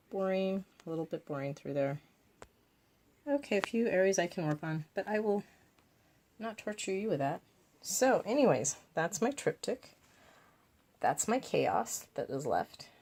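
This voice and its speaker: Low gravelly lady talking to herself while painting, playful little asides. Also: a little mellow. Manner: thinks aloud with playful asides. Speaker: craft vlogger. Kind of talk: casual talk while painting.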